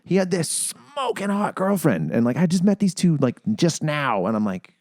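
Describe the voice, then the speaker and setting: A man's voice: a little high, normal speed, dry recording, studio quality. A man co-hosting a podcast who chats casually and tells swearing-laced stories, acting out the voices in them. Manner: animated storytelling, acts out quotes, swears a lot. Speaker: podcast co-host. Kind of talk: casual chat.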